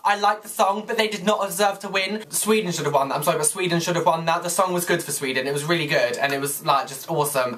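A tired young man, chatting casually to camera in a vlog, ranting and swearing excitedly. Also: sits high. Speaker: vlogger.

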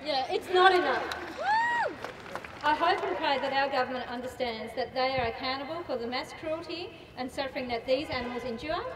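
A woman's voice: on the high side, a little hiss or hum. An Australian woman giving an impassioned rally speech, emphatic and repeating phrases for effect. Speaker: rally speaker. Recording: echoey PA sound from far off, loud ambience.

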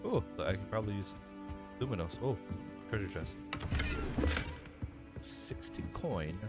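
A man's voice: fairly low pitch, big pitch swings, a little slow, loud music behind the voice. A man doing let's-play commentary, rambling and self-deprecating as he chats to himself while playing. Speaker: gamer.

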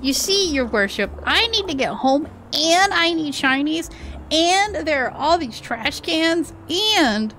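A woman's voice: sits high, sing-song, slow pace, fairly bright tone, slight background noise, heavily acted. A woman reading as an eager little kitten. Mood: earnest. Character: small young kitten, eager and polite.

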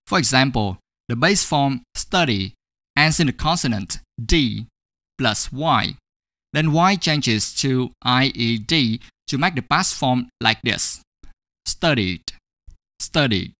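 A man teaching an English grammar lesson, speaking slowly and deliberately and saying each example word twice. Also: medium pitch, animated, bright, forceful tone, no room sound, clean studio sound.

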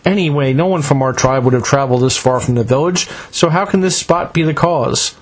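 A man's voice: mid-range voice, a little fast, close to an everyday voice. A man voicing a worried tribal villager, speaking in an uneasy, questioning way.

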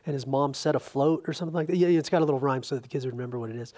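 A man preaching a sermon as a pastor, teaching through a Bible passage in a loose, conversational way with lively asides to his congregation. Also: medium pitch, racing. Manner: chatty and informal, retelling scripture with animated asides.

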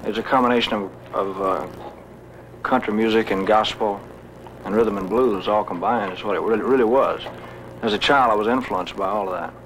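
A man, a singer, answering interview questions in a relaxed, folksy way. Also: fairly low pitch, fairly quick, slight background noise, poor audio. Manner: relaxed, folksy, with fillers and laughs.

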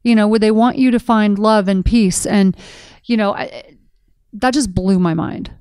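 A woman's voice: medium pitch, measured pace, darkish tone, clean tone, no echo. A middle-aged woman co-hosting a podcast in casual conversation, telling stories with animation and acting out quoted dialogue. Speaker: podcast co-host.

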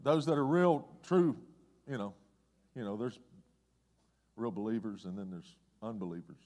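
A man preaching a conversational sermon as pastor, swinging between loud excitement and hushed, low asides. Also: moderate pace. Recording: long hall reverb.

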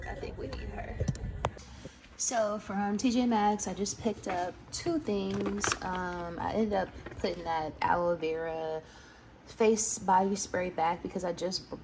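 Sassy woman vlogging, gravelly voice. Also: fairly low pitch. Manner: sassy, playful, salty slang, frequent laughs. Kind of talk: casual chatty vlog. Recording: noisy home recording.

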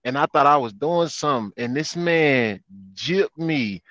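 A man telling a story in casual chat, animated and repeating his phrases, laughing as he goes. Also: on the high side, measured pace, dry recording. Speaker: guest. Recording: dull lo-fi sound, dry.

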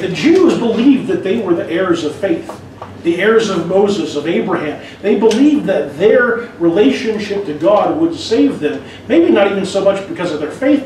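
A man with a fairly high voice preaches a sermon in an earnest, conversational manner, often stopping to restart a phrase. He is recorded from a distance in a church sanctuary. Heavy echo fills the sound, and faint noise sits underneath. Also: a little mellow. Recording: very echoey hall, mic far off.

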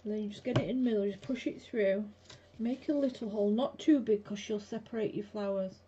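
A woman's voice: medium pitch, brisk, warm tone. A chatty, blunt woman hosting a craft live stream from her home craft room, talking to viewers as she works. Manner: chatty, blunt, chats with viewers while working. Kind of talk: casual craft demo chat with viewers. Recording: dull lo-fi with faint background hiss.

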